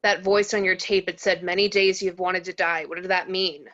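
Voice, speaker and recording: A woman's voice: fairly low pitch, level tone, moderate pace, lightly acted. A woman reading the part of a desperate middle-aged male doctor held captive, clipped and insistent, in an amateur table read. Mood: probing. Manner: clipped, insistent, rising to shouting. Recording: dull lo-fi mic.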